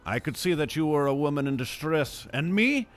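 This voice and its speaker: A man playing a smooth-talking, scheming male lord in a tabletop role-play, in a pompous mock-aristocratic voice. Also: fairly high pitch, animated, moderate pace, faint music behind. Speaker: player.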